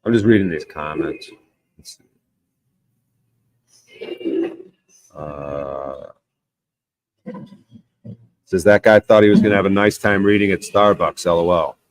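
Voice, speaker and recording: Deep-voiced man ranting on a livestream. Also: slow, long pauses. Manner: argumentative, insistent, swears a lot. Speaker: livestream host reading chat. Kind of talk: casual profane livestream rant.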